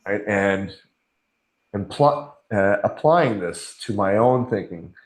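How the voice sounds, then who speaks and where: A man's voice: fairly low pitch, expressive, slow pace. A middle-aged man guest on a podcast, talking earnestly and candidly, often acting out his own inner voice in quotes. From Canada. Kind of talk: conversational interview. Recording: echoey room.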